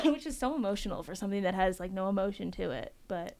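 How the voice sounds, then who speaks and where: Blunt, smooth-voiced young woman. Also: medium pitch, lively intonation, quick pace. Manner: blunt, emphatic, swears freely. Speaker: podcast guest panelist. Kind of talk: casual podcast chat.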